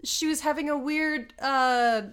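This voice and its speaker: A woman co-hosting a relaxed podcast, with a high-pitched voice. She giggles often and chimes in with short, casual remarks. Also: a little slow. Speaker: podcast co-host. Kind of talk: casual chat.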